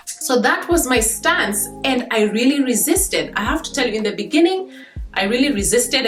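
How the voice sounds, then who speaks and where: A woman's voice: fairly high pitch, roomy sound. A Kenyan woman in her thirties, chatting casually to camera as a vlogger, laughing between points.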